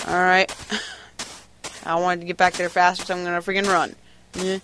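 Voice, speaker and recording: Pushed and bright, his high-pitched voice stays monotone at a normal pace. The gameplay commentator rambles hyperactively through a casual let's-play, giggling and making random noises, with plenty of noise in the home recording.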